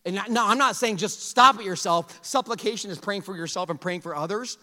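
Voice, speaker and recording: A man preaching a sermon as a pastor, conversational and animated, moving between loud exhortation and hushed intensity. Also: high voice, a little fast. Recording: long hall reverb.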